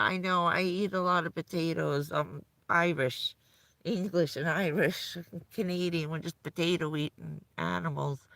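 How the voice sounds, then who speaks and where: Middle-aged woman streamer, gravelly, bright tone, dry close sound, rambling chatter. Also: fairly low pitch, no echo. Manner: rambling, chatty, laughs often. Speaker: live streamer. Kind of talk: casual live-stream chat. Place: vehicle at night in the cold.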